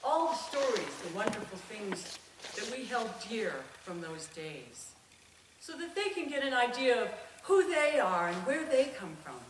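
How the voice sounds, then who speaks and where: A middle-aged woman giving a prepared speech at a club, telling stories with an expressive voice that swells and drops. The voice sounds echoey and far from the mic. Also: fairly high pitch, unhurried, slight background noise. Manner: expressive storytelling, swelling and dropping. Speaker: club speaker.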